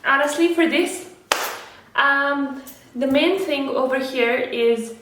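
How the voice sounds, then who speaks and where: A woman's voice: sits high, slow pace, fairly bright tone. A young woman vlogging casually to camera, chatty and earnest, often restarting her sentences. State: a little out of breath. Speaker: lifestyle vlogger. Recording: very echoey room, faint background noise.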